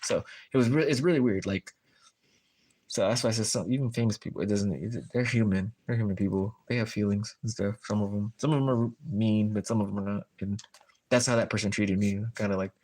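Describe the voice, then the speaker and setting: A man's voice: on the low side, brisk, a little mellow. A man chatting casually on a livestream while tying fishing jigs, telling rambling stories full of fillers.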